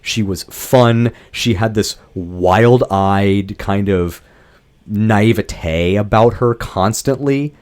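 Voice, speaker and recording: Brief: male co-host, lowish voice, sarcastic and emphatic, swears a lot. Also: slow, darkish tone. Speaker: podcast co-host. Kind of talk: casual chat about a film.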